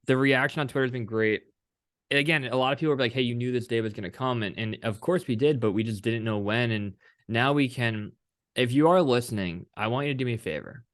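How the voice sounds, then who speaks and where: On a sports talk podcast, a young male co-host talks about football earnestly, making little speeches straight to the listeners. His voice is medium-pitched and a bit bright, and he speaks fairly quickly.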